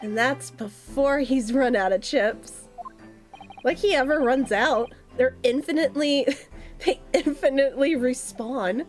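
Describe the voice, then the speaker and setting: A woman's voice: sits high, a little slow. A young woman streaming a game, chatting casually with viewers in a giggly way. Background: faint music.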